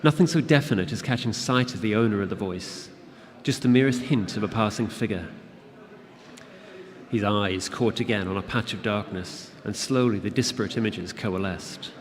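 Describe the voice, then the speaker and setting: A man reading his fantasy novel aloud to an audience at a convention, in a steady, measured narration. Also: fairly low pitch. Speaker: author reading his book. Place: convention event room. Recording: long hall reverb with audience.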